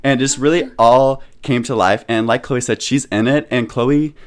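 A young man in his twenties co-hosting a podcast, chatting casually and excitedly, laughing often. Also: mid-range voice, normal speed, smooth. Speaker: podcast co-host. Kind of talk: casual chat.

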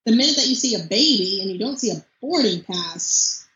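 Young woman, bright voice, chatty storytelling, echoey dull recording. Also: mid-range voice, fairly quick. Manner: chatty, animated storytelling with mimicked child voice. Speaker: podcast guest. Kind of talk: casual interview chat.

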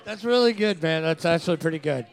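A man's voice: on the high side, animated, fast talker, vocal fry. A man co-hosting live trivia at a bar, teasing and rambling as he riffs with the host. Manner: teasing, rambling, laughing along. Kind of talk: live banter.

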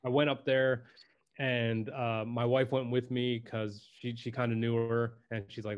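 The laid-back podcast guest, a personal branding videographer, recounts his story with plenty of "dude" and free swearing, voicing quotes with lively impressions. He talks a little slowly in a smooth, mid-range voice, and the audio is dull.

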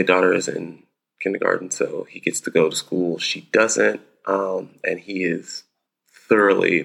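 A man's voice: deep voice, gravelly, fairly bright tone, slightly rough. A man, a father in his thirties, telling a family anecdote casually with a wry, easygoing manner. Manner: wry, easygoing storytelling with frequent restarts.

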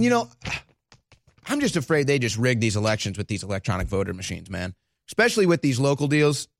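Excitable mocking male host. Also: on the high side, dry recording, clean studio sound. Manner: excitable, mocking, frequent laughter. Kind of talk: political commentary show.

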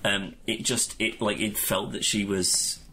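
A man talking through a film in casual podcast chat. His voice is low-pitched but bright and forward, with a faint hiss of noise behind it. He rambles, swears and puts on quick mock voices. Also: level tone. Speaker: podcast co-host.

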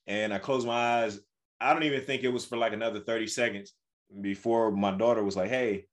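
A man's voice: medium pitch, a little fast. A young man co-hosting a podcast, telling a family story in casual chat and acting out the dialogue. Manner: animated storytelling, acts out dialogue. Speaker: podcast co-host.

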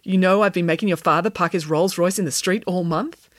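A woman voicing a boastful, excitable nanny who loves chocolate, making grand theatrical announcements. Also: fairly low pitch, fairly quick, no room sound, clean studio sound, natural voice. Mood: proud.

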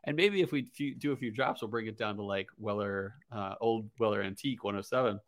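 A man co-hosting a casual whiskey tasting, talking in a relaxed, hedging way with lots of fillers. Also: lowish voice, fairly quick, no room sound. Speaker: co-host, whiskey reviewer. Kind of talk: casual chat.

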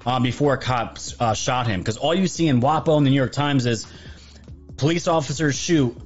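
A man's voice: mid-range voice, moderate pace. Male host, opinionated commentary, punchy and repetitive, slightly dull recording with faint music. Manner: emphatic and repetitive.

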